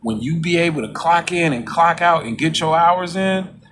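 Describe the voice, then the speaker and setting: A man's voice: expressive, normal speed, fairly bright tone, slight background noise. Man musing in a casual monologue. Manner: preachy, repeats "you know what I'm saying"; mocks coworkers in a high voice.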